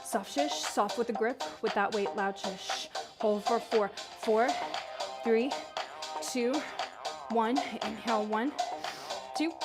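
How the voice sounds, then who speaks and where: A woman fitness instructor guiding a workout, counting reps and calling breath cues in a steady rhythm. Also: fairly high pitch, slow, pauses often. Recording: music playing behind the voice. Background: workout music.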